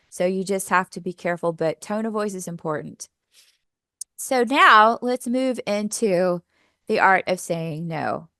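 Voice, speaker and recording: A woman's voice: on the low side, fairly bright tone, dry recording, clean studio sound. A woman presenting a professional development workshop in an upbeat, coaching way, asking her audience questions. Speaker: teacher trainer.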